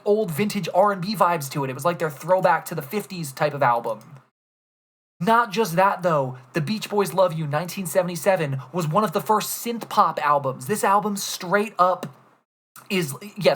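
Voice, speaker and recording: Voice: medium pitch, fairly bright tone. A young streamer ranting casually to chat about albums, enthusiastic and rambling, swearing often.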